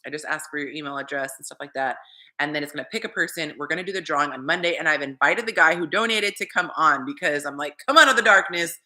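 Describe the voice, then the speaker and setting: A woman dating coach chatting casually on a livestream, animated and talking straight to her viewers. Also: deep voice, fast.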